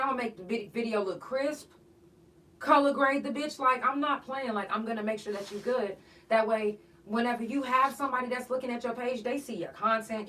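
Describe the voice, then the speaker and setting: A woman's voice: a little high, a bit bright. A woman hosting a podcast, ranting bluntly and profanely in an emphatic, outspoken monologue. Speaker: podcast host. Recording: voice a bit far from the mic.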